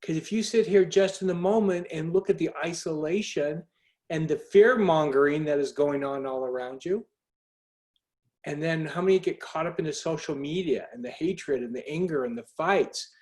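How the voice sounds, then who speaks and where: A man's voice: on the high side, normal speed, a little mellow. A man hosting a motivational group call, earnest and urging, putting direct questions to his listeners. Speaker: host. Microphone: video call.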